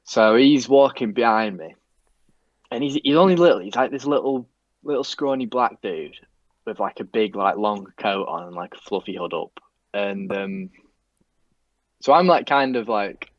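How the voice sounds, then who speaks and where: A man's voice: mid-range voice, animated, unhurried, long pauses, no echo. A young man telling a work story in a casual, rambling way, full of fillers and swearing. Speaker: police staff guest. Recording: dull lo-fi mic.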